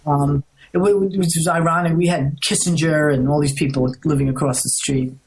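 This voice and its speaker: A middle-aged woman from the United States, a guest in an interview, telling a story in an animated, rambling way, restarting often. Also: low voice, normal speed, breathy edge, poor audio. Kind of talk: casual storytelling.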